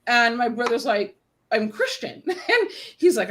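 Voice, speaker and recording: A woman from the United States chats casually, winding through a long story full of restarts. She puts on little voices for everyone she quotes, and her voice sits a bit higher than most. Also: very animated, normal speed, a bit bright, a little hiss or hum. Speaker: guest panelist. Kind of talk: casual chat.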